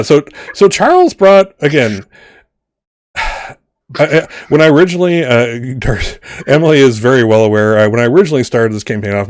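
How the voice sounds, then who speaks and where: A man's voice: mid-range voice, no room sound, studio quality. A man game master in casual chat, rambling with many restarts and some swearing. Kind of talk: casual campaign wrap-up chat.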